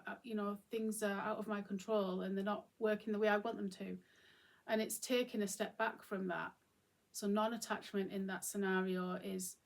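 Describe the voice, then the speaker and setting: A woman talks through her thoughts in an easy, informal way, often pausing and restarting her sentences. Her mid-pitched voice carries a noticeable gravelly fry. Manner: musing, informal, many fillers and restarts. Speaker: channel host. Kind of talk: reflective solo talk to camera.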